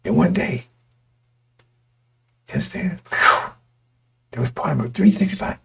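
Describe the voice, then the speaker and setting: A man preaching a sermon to his congregation, his voice going hoarse, talking in repetitive, stop-start bursts and often asking listeners whether they understand. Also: fairly high pitch, expressive, normal speed, a bit bright, slight background noise. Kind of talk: street-style sermon to a congregation.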